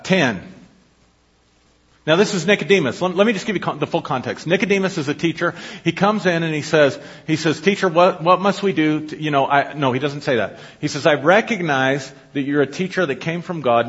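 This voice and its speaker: A pastor with a fairly high, slightly bright, husky voice preaches to his congregation, teaching conversationally and often asking them questions. The recording is dull and lo-fi with long hall reverb.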